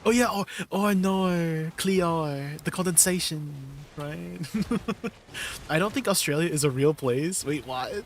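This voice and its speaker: A man's voice: a little high, slow, a little hiss or hum. Laid-back chatty male streamer. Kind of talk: casual livestream chat with viewers.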